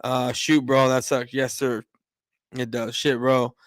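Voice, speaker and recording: A man's voice: medium pitch, level tone, slow pace, dry recording, clean studio sound. A man hosting a casual livestream, rambling with many fillers and restarts, greeting viewers in the chat and sounding a little choked up. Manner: openly emotional, a little choked up. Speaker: livestream host.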